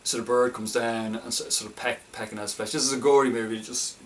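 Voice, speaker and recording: A man's voice: mid-range voice, fairly even intonation, fast, far from the mic, slight background noise. A man casually reviewing a film, talking in a hesitant, stop-start way with many restarts.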